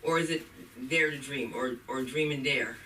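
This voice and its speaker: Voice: mid-range voice, moderate pace, sharp tone. A host emceeing a comedy open mic night in an effusive, playful way. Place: comedy club stage. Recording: distant, noisy club recording.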